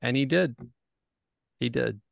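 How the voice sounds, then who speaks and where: A man co-hosting a podcast in casual chat, throwing in quick jokes and remarks. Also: medium pitch, creaky, dry recording, studio quality. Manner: jokey interjections. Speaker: podcast co-host.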